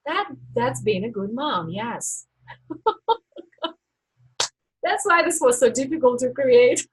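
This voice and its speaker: A woman coach talks through her steps at an unhurried, careful pace on a live stream. Her voice sits a little high and has a soft, husky, breathy grain. She teaches in a deliberate way and pauses to reflect. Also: expressive, poor audio. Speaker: life coach.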